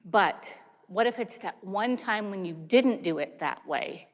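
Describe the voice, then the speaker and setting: A woman in her fifties, a prosecutor, giving a chatty seminar talk full of lively asides. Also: mid-range voice, unhurried. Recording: dull lo-fi sound in a large hall.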